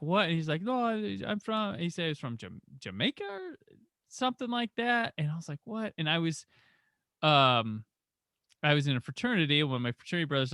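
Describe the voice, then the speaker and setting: A man's voice: a little high, dry recording, clean studio sound. A man in his forties hosting a podcast, chatting casually about a film and acting out the voices of people in his stories. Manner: animated storyteller, acts out quoted voices. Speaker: podcast host. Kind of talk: casual movie discussion.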